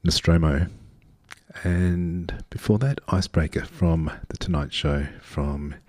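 A man's voice: deep voice, unhurried, a little mellow, no echo. A man working as a radio DJ, casually back-announcing songs in a playful, self-mocking way and stumbling over band names.

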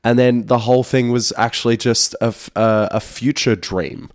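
A man's voice: mid-range voice, steady tone, moderate pace, no echo, studio quality. A man co-hosting a radio show in casual, chatty talk with a laid-back, slangy manner. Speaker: radio co-host.

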